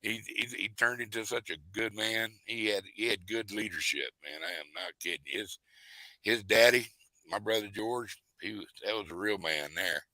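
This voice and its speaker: Male host, animated yarn-spinner, bright tone, dry close sound. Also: fairly low pitch, normal speed, no echo, low-quality recording. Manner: rambling, animated storyteller with folksy asides. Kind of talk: casual storytelling chat.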